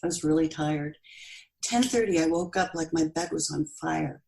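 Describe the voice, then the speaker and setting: A woman in her sixties, a podcast guest telling a personal story in an earnest, halting way with pauses and restarts. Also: low-pitched, creaky, a little mellow, slight background noise, low-quality recording. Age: 60s. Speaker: podcast guest, bereaved mother.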